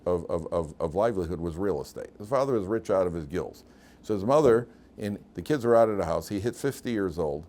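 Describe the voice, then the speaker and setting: Deep-voiced older rabbi telling stories. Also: male voice, dark tone. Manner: anecdotal, self-deprecating storyteller. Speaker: rabbi and yeshiva teacher. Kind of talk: humorous lecture with stories.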